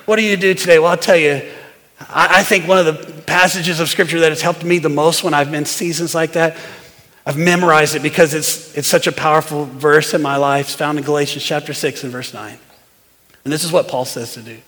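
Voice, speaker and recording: A man preaching a sermon as pastor, firing rhetorical questions at the congregation and swinging between loud and hushed delivery. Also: a little high, fairly even intonation, fairly quick. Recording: long reverb of a large hall.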